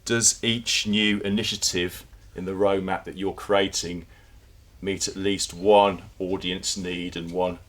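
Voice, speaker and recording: A man's voice: sits low, flat delivery, slow pace, fairly bright tone. A man giving a conversational conference presentation to an audience, with fillers and repeated words. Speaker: conference speaker. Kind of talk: presentation talk.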